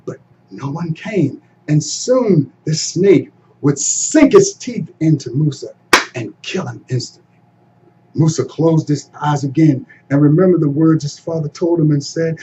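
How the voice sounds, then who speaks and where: A man telling a folktale as a storyteller, dramatic and expressive, moving between hushed and loud passages. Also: on the high side, moderate pace. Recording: dull, slightly distant recording with faint hum.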